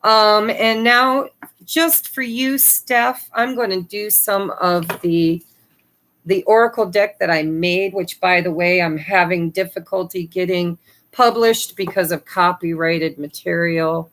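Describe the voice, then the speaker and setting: A woman's voice: lowish voice, steady tone, measured pace, fairly bright tone. Woman doing a casual card reading, cheeky and cussing, laughs a lot. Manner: cheeky, swears freely, laughs often. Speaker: tarot reader.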